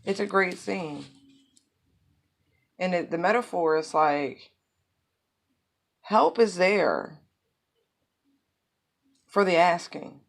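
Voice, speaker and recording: Low-voiced rambling woman. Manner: rambling, lots of fillers and asides. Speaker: tarot reader. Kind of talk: casual spoken tarot reading.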